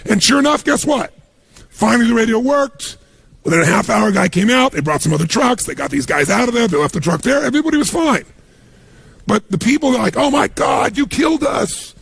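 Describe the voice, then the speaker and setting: Male motivational speaker, gravelly husky voice, animated storyteller. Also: high-pitched, fast talker, no room sound. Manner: storytelling, acts out quoted voices. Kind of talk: motivational talk.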